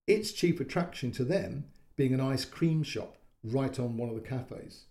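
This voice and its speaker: Mellow-voiced male storyteller. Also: medium pitch, vocal fry. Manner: calm and measured, with quoted lines voiced. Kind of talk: audiobook-style story narration.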